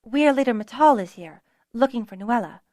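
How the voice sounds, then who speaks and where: A woman's voice: a little high, lively intonation, normal speed, mellow, dry recording, studio quality, pitched above the performer's own voice, close to an everyday voice. A woman voicing a plucky, frank young noblewoman dragonrider with a good-humored manner. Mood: earnest.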